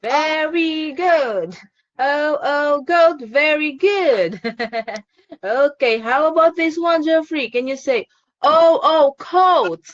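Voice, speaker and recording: High-pitched lady teacher on a video call, real slow, keeps laughing and praising, kinda muffled audio. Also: animated. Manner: cheerful, laughs often, slow and encouraging. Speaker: online English teacher. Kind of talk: online phonics lesson for a child.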